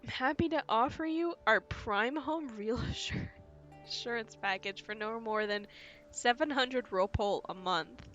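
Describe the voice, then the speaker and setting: A woman's voice: on the high side, a little slow, fairly bright tone, dull audio, soft background music. A woman live-streaming a game, playful and joking, often giggling between her remarks.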